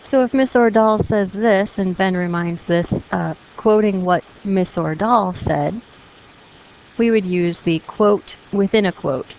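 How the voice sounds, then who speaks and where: A woman's voice: on the low side, creaky, darkish tone, a little hiss or hum, rough recording. Patient woman teaching a grammar lesson. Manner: patient, encouraging, reads examples aloud.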